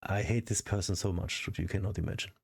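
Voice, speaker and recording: Low-voiced man ranting casually. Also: fairly even intonation, brisk, gravelly, breathy edge. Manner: frustrated, profane ranting. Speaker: vlogger.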